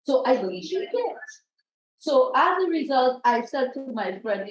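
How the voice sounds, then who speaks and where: A middle-aged woman from Guyana tells stories from her years as a mental health practitioner, acting out the voices of the people she quotes. Her voice sits on the high side. The recording is echoey and dull. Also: big pitch swings, measured pace. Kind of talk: panel discussion talk. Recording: roomy, dull lo-fi sound.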